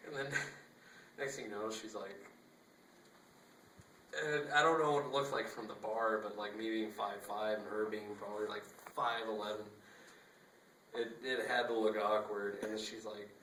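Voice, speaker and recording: A man's voice: fairly low pitch, flat delivery, normal speed, pauses often, a bit bright, a little hiss or hum. A young man casually telling a rambling story, acting out the dialogue and laughing often, recorded on a phone. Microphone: phone camera. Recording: echoey phone recording from a distance.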